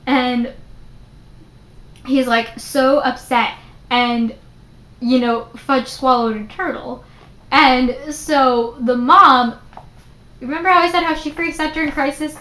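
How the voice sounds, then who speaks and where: Young woman, bright higher voice, chatty vlog reviewer, loose and animated, lots of "like". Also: slow, pauses often. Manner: chatty, many "like" fillers, animated retelling. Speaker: book reviewer. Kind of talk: casual book review vlog. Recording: roomy echo.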